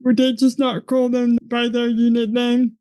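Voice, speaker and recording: A woman's voice: a little high, flat delivery, unhurried, warm tone, no room sound. A woman co-hosting a casual film review podcast, giving wry comments on the movie. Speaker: podcast co-host.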